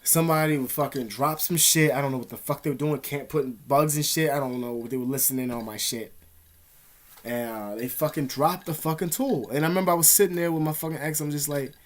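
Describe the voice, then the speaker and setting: A man's voice: fairly high pitch, fairly even intonation, brisk. A young man vlogging from an indoor room, telling a story in a rambling, profane, streetwise way. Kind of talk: casual storytelling to camera.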